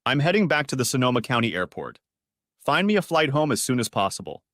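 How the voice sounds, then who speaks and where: A blunt, commanding businessman husband, stung by betrayal, barking short orders, as a man reads him. The voice sits at a middling pitch and sounds dry and close, with no room around it. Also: sing-song, quick pace, fairly bright tone, no room sound. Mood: curt.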